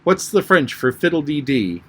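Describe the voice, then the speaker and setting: A man's voice: a little high, very animated, moderate pace, a bit bright, husky, voice pushed up, full character voice. A man reading an audiobook and voicing the Red Queen, a haughty, bossy queen with a curt, commanding manner.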